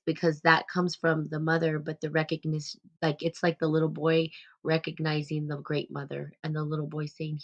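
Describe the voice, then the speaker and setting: A woman with a low, deep-set voice hosts a relaxed spiritual live stream. She muses gently and rambles, with plenty of fillers and restarts as she thinks aloud. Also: highs cut off.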